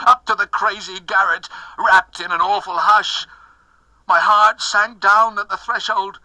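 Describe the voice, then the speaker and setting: A man's voice: high voice, bright, forceful tone, no echo, rough recording. A man giving a dramatic poetry recitation, impassioned, dropping to whispers and rising to anguished cries. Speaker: poetry reader.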